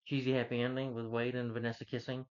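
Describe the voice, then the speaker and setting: Male reviewer, middle pitch, casual rambling plot recap with chuckles, dull lo-fi sound. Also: monotone, quick pace. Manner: rambling, chuckling, restarts, acts out quotes in a higher voice. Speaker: movie reviewer. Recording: dull lo-fi recording.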